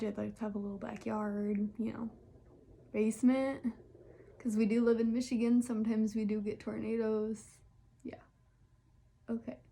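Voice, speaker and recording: A young woman with a medium-pitched, creaky, warm voice answers questions in a casual solo vlog. She's chatty and candid, full of fillers, and now and then drops to a near whisper.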